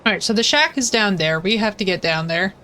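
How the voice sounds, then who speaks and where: Chatty, excitable young woman streamer. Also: mid-range voice, a little fast, a little hiss or hum. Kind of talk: casual live-stream chat.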